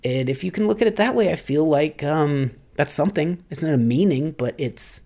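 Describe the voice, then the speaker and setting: Male podcast host, gravelly, reflective rambling monologue. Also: on the high side, expressive, moderate pace, mellow. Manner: musing, rambling, philosophical.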